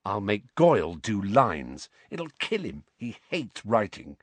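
A man voices a sulky teenage schoolboy for an audiobook, low-pitched and blunt. The delivery is sarcastic with lively ups and downs. The sound is dry and close. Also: takes it slowly, no echo, full character voice.

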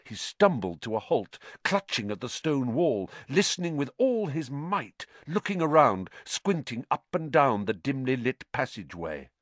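Male audiobook narrator, animated and bright, dry studio read. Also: mid-range voice, unhurried, hardly any pauses, no echo. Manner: expressive, animated storytelling. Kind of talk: storybook narration.

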